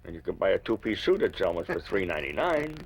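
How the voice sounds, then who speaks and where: A man's voice: deep voice, big pitch swings, fast talker, creaky, rough recording. Older man telling humorous anecdotes. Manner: chatty, humorous anecdotes, chuckling. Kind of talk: interview storytelling.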